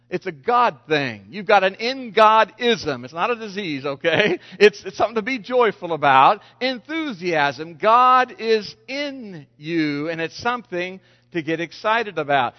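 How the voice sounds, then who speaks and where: A man preaching a sermon as a pastor, animated, rising to loud exclamations and dropping low. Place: church sanctuary. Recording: echoey church hall, dull lo-fi sound.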